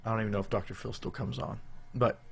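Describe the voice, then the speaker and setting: A man's voice: lowish voice, fairly even intonation, fast, creaky, breathy edge. A man co-hosting a live show, chatting casually in a rambling, jokey way with loose restarts. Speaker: podcast co-host.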